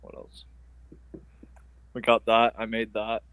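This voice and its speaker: A man's voice: lowish voice, completely flat delivery, slow, fairly bright tone. A man chatting over a video call on a tablet, easygoing and hesitant, with lots of ums. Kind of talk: casual video call chat.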